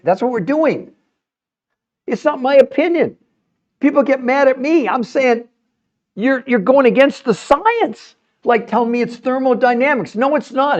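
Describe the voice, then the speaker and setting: A middle-aged man with a fairly high voice argues his point with passion as he hosts a livestream health talk. He often repeats words and restarts his sentences when he gets fired up. The sound is dull and lo-fi. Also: a little mellow. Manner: passionate, emphatic, argumentative. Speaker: health show host answering viewer comments.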